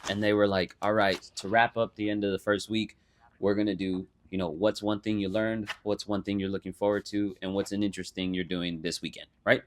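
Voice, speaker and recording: A young man co-hosting a podcast, telling stories in a casual, animated way with swearing and mock voices. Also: lowish voice, a little fast, slight background noise. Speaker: podcast co-host. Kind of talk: casual chat.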